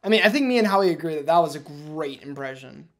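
A young man hosting a casual gaming chat, excitable and laughing, prone to loud outbursts. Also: fairly high pitch, quick pace. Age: young adult. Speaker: gaming channel host.

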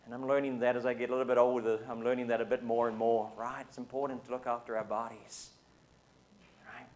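A male pastor from New Zealand with a New Zealand accent, delivering a Sunday sermon at a mid pitch. He keeps it conversational and informal, often tagging his points with a quick question to the people in the pews. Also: little pitch movement, a little mellow. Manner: conversational, often asks the congregation "right?". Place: church service.

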